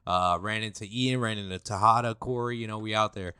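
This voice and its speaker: A man's voice: lowish voice, fairly quick, pushed and bright, smooth, no room sound, studio quality. A man hosting a podcast in a laid-back, rambling way. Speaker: podcast host. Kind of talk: casual podcast chat.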